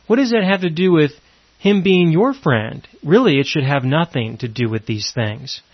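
A man's voice: medium pitch, no echo. A man preaching a sermon in an earnest way, full of repeated rhetorical questions and emphatic lines. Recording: dry, dull lo-fi recording.

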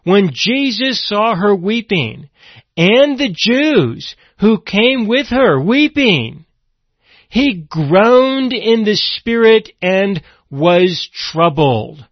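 Preaching extremely slowly in a high-pitched, sing-song voice, this man reads scripture aloud and explains it. Now and then he dramatically voices the grieving sisters' accusations. The sound is dry, dull lo-fi.

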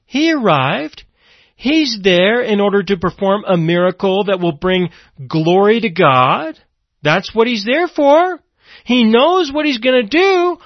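A man's voice: high-pitched, expressive, a little slow, no room sound. A man preaching an expository sermon, reading scripture aloud and explaining it, sometimes voicing the people in the story with dramatic emphasis. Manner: dramatic, voices the grieving sisters' accusations. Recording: dull lo-fi, dry.

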